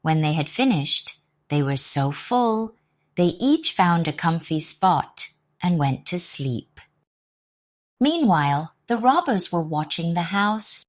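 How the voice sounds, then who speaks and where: Slow, deliberate British woman storyteller. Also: lowish voice, big pitch swings, no room sound, studio quality. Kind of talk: storybook read-aloud.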